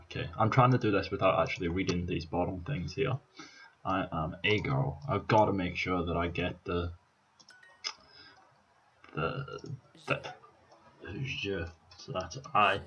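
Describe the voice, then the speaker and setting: A man's voice: sits low, steady tone, a little slow, pauses often, fairly bright tone, highs cut off, slight background noise. A Scottish man casually commentating on his own language-app practice, thinking aloud and chuckling at his mistakes. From Scotland. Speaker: vlogger. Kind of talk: casual let's-play commentary.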